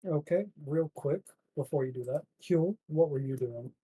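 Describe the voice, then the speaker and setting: A man's voice: fairly high pitch, moderate pace, mellow, a little hiss or hum, poor audio. A man narrating as game master, voicing the townsfolk with "he says" and "she says" before each line. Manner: plays the merchant and innkeeper voices with "he says".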